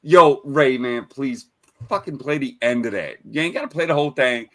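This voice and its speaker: A man's voice: mid-range voice, expressive, moderate pace, crowd noise. A man co-hosting a livestream, telling profane stories in casual banter and laughing often.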